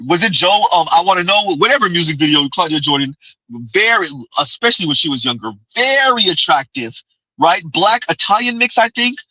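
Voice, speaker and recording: A man's voice: high voice, expressive, fairly quick, pushed and bright, dry recording, poor audio. A man hosting his own channel, giving casual, emphatic commentary on clips and viewer messages and repeating his key points.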